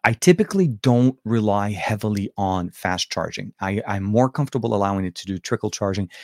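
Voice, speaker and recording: Laid-back low-voiced tech show host. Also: male voice, a little mellow, no echo, clean studio sound. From Lebanon. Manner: rambling, lots of fillers and restarts. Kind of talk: casual livestream chat answering viewer questions.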